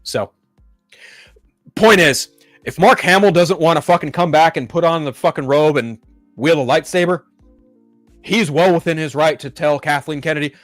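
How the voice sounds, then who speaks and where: A man's voice: a little high, moderate pace, pauses often, soft background music. A man hosting a pop-culture show, ranting in a profane, exasperated and mocking way. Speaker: podcast host.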